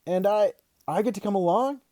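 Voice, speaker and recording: Brief: man voicing a storybook fifth-grade boy, high, whiny, impatient, mellow dry tone. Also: very animated, slow pace, dry recording. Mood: exasperated. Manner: pleading, impatient, easily thrilled. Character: fifth-grade boy, exasperated by his dad.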